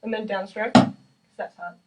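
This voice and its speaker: A woman's voice: mid-range voice, steady tone, normal speed, heavy background noise. Young woman talking from across the room. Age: young adult. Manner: chatty and self-deprecating, with many fillers. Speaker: percussion student. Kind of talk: casual practice demonstration. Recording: distant mic with drumming behind.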